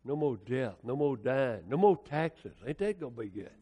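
A man's voice: medium pitch, very animated, moderate pace, husky. An American man preaching a sermon, telling stories in a folksy, colloquial, dramatic way. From United States. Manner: folksy, colloquial, dramatic storytelling with swings in loudness. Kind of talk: storytelling sermon. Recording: long hall reverb.

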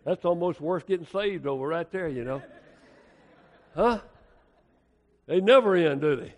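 A man's voice: fairly high pitch, moderate pace. Folksy preacher man in a reverberant hall. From United States. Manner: folksy, colloquial, dramatic storytelling with swings in loudness. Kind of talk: storytelling sermon.

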